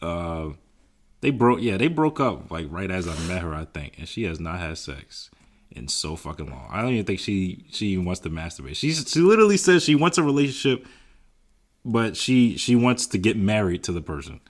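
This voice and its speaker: Man, young adult, podcast co-host, low pitch, lively intonation, casual profane banter. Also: normal speed. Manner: loose, joking, profane banter. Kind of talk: casual chat.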